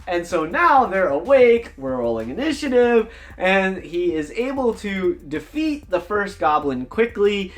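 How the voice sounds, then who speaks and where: Animated man with a lively, high-ranging voice. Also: measured pace, few pauses. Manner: animated, enthusiastic, jumps between voices. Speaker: dungeon master, tabletop gaming vlogger. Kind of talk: casual storytelling vlog.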